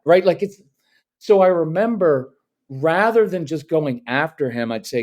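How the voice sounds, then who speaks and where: A man's voice: a little high, animated, measured pace, darkish tone. Brief: middle-aged male parenting coach, podcast guest, firm and matter-of-fact, plays out sample dialogue. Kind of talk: podcast interview.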